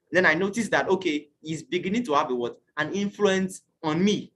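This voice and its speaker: A man's voice: sits high, animated, a little fast, slight background noise. Earnest man teaching an online class. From Nigeria. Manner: earnest, asks the class questions, acts out shouted quotes. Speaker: youth teacher.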